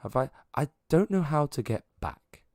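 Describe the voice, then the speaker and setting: A man voicing an excitable young human man who gushes, stammers and gets easily overwhelmed, in a tabletop game. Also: fairly high pitch, moderate pace, gravelly, a crowd in the background, pitched above the performer's own voice. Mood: flustered. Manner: breathless, gushing, stammering.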